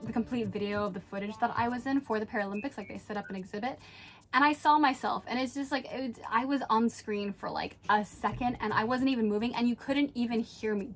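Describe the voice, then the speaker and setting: A young woman vlogger casually telling a story, animated and laughing often as she acts out the people in it. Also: a little high.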